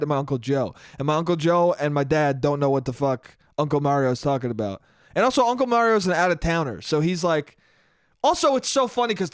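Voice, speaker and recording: Young male podcast host, lively swing of pitch, slangy and profane, dry close sound. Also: no room sound. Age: young adult. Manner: rambling, swearing, slangy with dude and bro. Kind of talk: casual solo podcast monologue.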